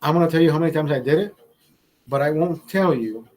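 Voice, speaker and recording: A man tells a story in a casual, profane way, his voice sitting a bit higher than most men's. He jumps into the voices of the people he quotes as he goes. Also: fast, poor audio. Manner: profane, animated, acts out quotes. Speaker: host.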